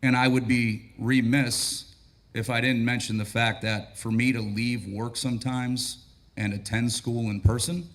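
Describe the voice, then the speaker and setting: A battalion chief of training with a raspy, hoarse voice, giving a relaxed, joking and grateful speech at a graduation ceremony. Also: male voice, mid-range voice, unhurried. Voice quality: raspy, losing his voice.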